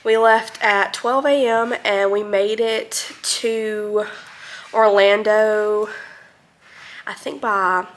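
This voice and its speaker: A woman's voice: mid-range voice, steady tone, very slow. A woman from North Alabama, chatting casually through a vacation recap with lots of ums and likes. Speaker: vlogger.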